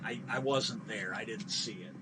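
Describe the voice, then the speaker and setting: A man's voice: fairly low pitch, moderate pace, very noisy. A middle-aged man streaming a game, telling a long story in a bitter, profane, rambling way with frequent restarts. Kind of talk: casual ranting storytelling while gaming.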